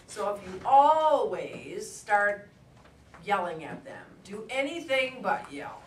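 A woman's voice: medium pitch, sing-song, slow, slight background noise. A woman giving a conversational lecture to adults, telling stories as she goes. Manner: storytelling, conversational. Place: lecture room. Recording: echoey room from a distance, faint ambience.

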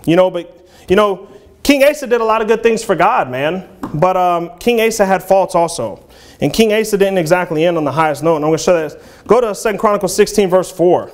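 A man in his thirties delivers a sermon in a church, his voice sitting high for a man. He keeps it conversational, slipping in "you know" and "man" between passages of old-style scripture. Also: lively intonation, fairly quick. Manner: reads scripture aloud in King James English. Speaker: preacher.

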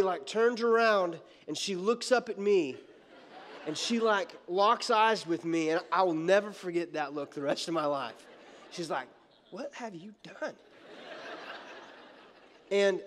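A man preaching a sermon as pastor, telling a story in an animated, joking way. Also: sits high. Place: church sanctuary. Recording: long church hall reverb.

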